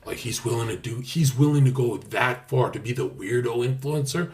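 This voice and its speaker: A young man livestreaming, talking brashly and boastfully with lots of swearing, dropping to mutters and then bursting out loud. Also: mid-range voice, moderate pace. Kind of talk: casual stream talk.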